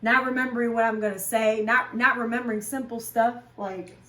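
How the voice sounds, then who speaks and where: A candid woman in a relaxed vlog chat, talking openly with plenty of ums and likes. Her voice sits at an ordinary pitch and comes from a little way off the mic. The room around her adds a noticeable echo. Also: a little fast. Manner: frank and chatty, with many fillers. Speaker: fitness vlogger and class instructor. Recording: roomy sound, voice from a distance.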